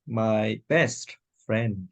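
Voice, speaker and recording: A woman student repeating practice words slowly and carefully in a pronunciation lesson. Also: rumbling low.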